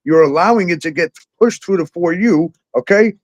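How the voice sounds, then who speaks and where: A man hosting a casual talk show, animated and profane, laughing often and acting out exchanges as he tells stories. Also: sits high, moderate pace, lo-fi sound. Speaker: show host. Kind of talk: casual podcast chat.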